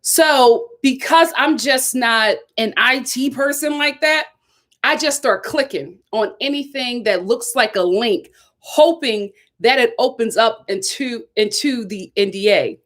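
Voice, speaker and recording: Young woman streamer with a high voice; animated, dramatic storyteller with lots of laughing. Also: measured pace. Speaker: host of a live reality-show review channel. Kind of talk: casual storytelling to a live chat.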